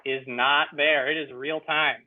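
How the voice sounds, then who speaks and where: A young man presenting as an interview guest, talking in an earnest, enthusiastic, halting way. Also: a little high, fairly even intonation. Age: young adult. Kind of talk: casual interview storytelling. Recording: tinny phone-like call audio.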